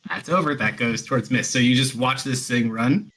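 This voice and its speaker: A man's voice: medium pitch, normal speed, a bit bright. A man running a tabletop role-playing session as dungeon master, narrating in a loose, rambling way with fillers.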